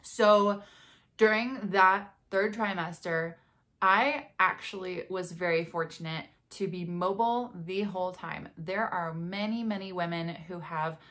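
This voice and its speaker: A young woman vlogging in a casual, chatty way, animated and often laughing as she acts out quotes. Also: fairly low pitch, measured pace. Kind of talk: casual chat to camera.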